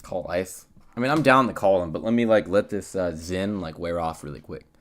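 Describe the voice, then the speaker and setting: A young man streaming and chatting casually, rambling and trailing off into quiet mumbles. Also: sits low, fairly quick. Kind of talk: casual live-stream chat.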